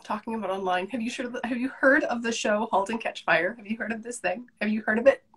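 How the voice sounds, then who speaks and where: Chatty, enthusiastic Canadian woman, husky voice. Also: on the high side, fast. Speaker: guest. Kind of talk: casual chat.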